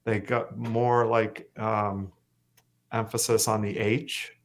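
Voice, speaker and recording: Casual young guest, man from Canada, lowish voice, easygoing and halting. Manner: relaxed, hesitant, lots of fillers and self-corrections. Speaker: singer-songwriter guest. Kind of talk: casual interview chat.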